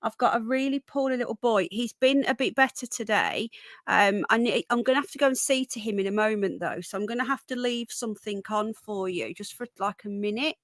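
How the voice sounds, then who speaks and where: A woman hosting a casual live stream, her voice slightly croaky from a recent sore throat, chatting and greeting viewers by name. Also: a little high, fairly quick, no echo, studio quality. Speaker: livestream host.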